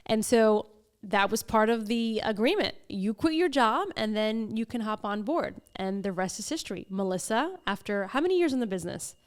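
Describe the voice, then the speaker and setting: A woman with a fairly high voice co-hosts a casual podcast. She keeps the talk moving with brisk, teasing questions and laughs easily with her guest. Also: animated, clear, resonant tone. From New Jersey. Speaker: podcast co-host, brokerage owner. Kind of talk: casual interview.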